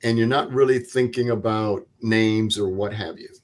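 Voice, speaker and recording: An older man, a veteran guest in an interview, retelling a night in combat in plain, vivid words with quoted dialogue and pauses. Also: lowish voice, fairly even intonation. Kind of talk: interview storytelling.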